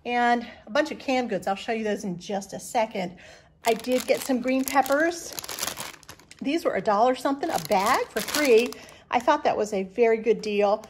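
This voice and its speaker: A woman's voice: on the high side, normal speed, noisy background. A woman, chatting homey and rambling through a grocery haul as a channel host in her farmhouse kitchen. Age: 60s. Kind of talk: casual grocery haul vlog.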